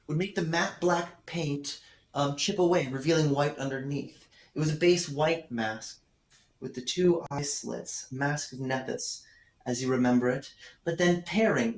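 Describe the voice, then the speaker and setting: A man narrating as game master, describing scenes at length and pausing often to search for words. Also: on the high side. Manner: descriptive, hesitant, with fillers. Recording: roomy room sound.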